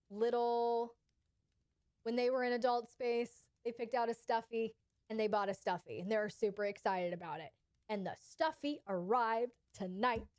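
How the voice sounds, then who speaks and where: A relationship coach who hosts a channel runs a live Q&A, advising her audience emphatically and often checking in with "okay?". Her voice is a little high, and there's no echo.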